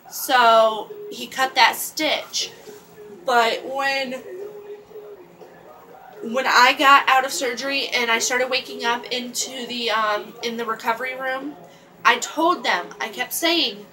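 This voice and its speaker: A woman telling a personal story in a casual vlog, halting often and restarting her sentences with lots of fillers. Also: fairly high pitch, bright, forceful tone, poor audio. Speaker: vlogger.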